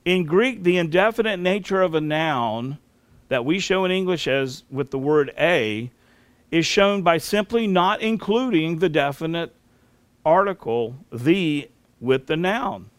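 A man teaching a Bible lesson as a sermon, explaining grammar step by step in a slow, deliberate way and spelling out terms. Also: on the high side, animated, no room sound.

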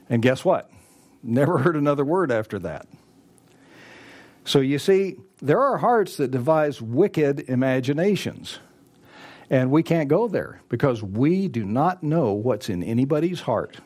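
Measured in pace, the pastor's medium-pitched voice is a little mellow, with lively intonation. In his sermon he drives points home by repeating them and acting out conversations people might have.

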